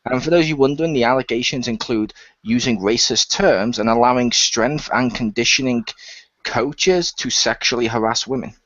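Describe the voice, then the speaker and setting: A man co-hosting a casual wrestling chat, talking in a sarcastic, animated way. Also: mid-range voice, normal speed, no room sound. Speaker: podcast co-host. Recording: dull dry lo-fi audio.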